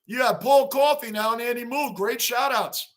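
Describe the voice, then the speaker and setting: A man hosting a casual livestream, reacting to a basketball game and chatting with viewers, getting excited and shouting at big plays. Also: extremely high pitch, normal speed. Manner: excitable, shouts at big plays, reads chat names aloud. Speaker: livestream host. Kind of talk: casual live-chat sports reaction.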